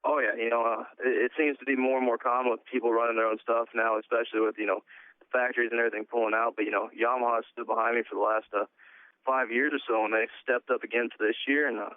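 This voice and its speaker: A pro ATV motocross racer talks in a phone interview in a mid-range voice at a quick pace. He's relaxed and plain-spoken, leaning on lots of "uh" fillers, and the line sounds thin and tinny with no room sound at all.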